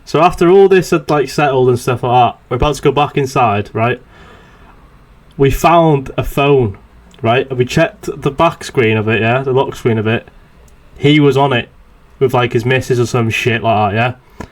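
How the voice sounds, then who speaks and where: A man's voice: mid-range voice, moderate pace. Crude, joking man with banter. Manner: crude, joking banter punctuated by "right?" and "yeah?". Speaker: podcast host. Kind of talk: casual chat.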